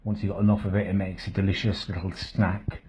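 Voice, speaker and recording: A man doing a low, husky deadpan bloke. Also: a little fast. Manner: rambling, matter-of-fact, with muttered asides. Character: crude, self-pitying middle-aged bloke with an unflappable deadpan. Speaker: comedy vlogger character. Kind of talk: deadpan comic monologue to camera.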